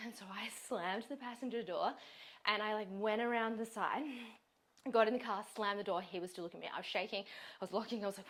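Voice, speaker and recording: A woman, a fitness coach and host, telling a story in casual chat, animated, laughing often and swearing freely. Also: mid-range voice, a little fast.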